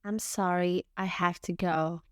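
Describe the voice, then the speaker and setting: A woman teaching English, reading short everyday phrases one at a time with careful, deliberate enunciation and pauses between them. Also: lowish voice, steady tone, smooth, no echo, clean studio sound. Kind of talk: slow phrase-by-phrase reading for learners.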